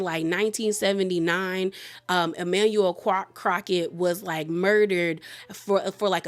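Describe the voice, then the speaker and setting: A woman casually recapping a horror film for her channel, chatty, full of fillers and quick asides. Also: fairly low pitch. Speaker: reviewer.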